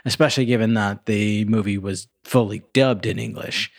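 A man's voice: on the low side, steady tone, moderate pace, gravelly, no room sound, clean studio sound. A man co-hosting a movie-review podcast, speaking in an easygoing way with many fillers. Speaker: podcast co-host. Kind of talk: casual movie-review chat.

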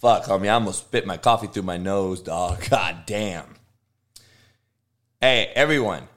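A man, a football coach on a livestream, answering chat with profane, confrontational rants that swing from low mutters to loud, high tirades. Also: a little slow. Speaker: football coach streaming live.

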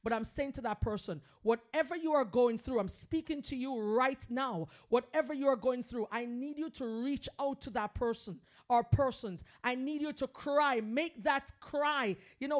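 A woman hosting a podcast who talks earnestly and emphatically, urging her listeners to reach out to others. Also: high-pitched. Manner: earnest, emphatic, preachy encouragement. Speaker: podcast host. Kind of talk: heartfelt motivational podcast talk.

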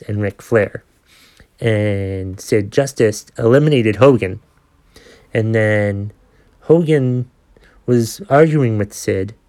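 A man in his forties speaks in a lowish voice and tells a story as a podcast host. He rants, swears freely and sounds exasperated, with a loose, conversational manner. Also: a little mellow. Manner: ranting, profane, exasperated. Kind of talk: casual storytelling monologue.

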